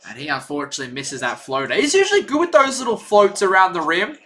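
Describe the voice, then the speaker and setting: A young man hosts a live basketball stream with rambling, chatty commentary. His voice sits high and bright, and it swings widely in pitch as he gets excited. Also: fast. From Australia. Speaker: livestream play-by-play host.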